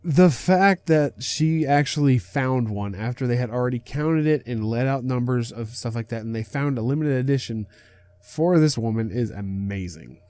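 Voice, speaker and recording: A man's voice: mid-range voice, animated, moderate pace, mellow, no room sound. A young man casually reacting to a story on his channel, chatty and swearing freely as a self-declared gaming nerd.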